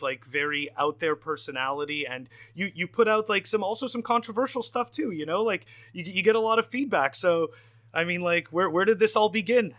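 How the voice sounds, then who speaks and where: A man's voice: on the high side, sharp tone. Upbeat rambling podcast host, man. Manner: rambling, upbeat, many fillers. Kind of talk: casual podcast interview.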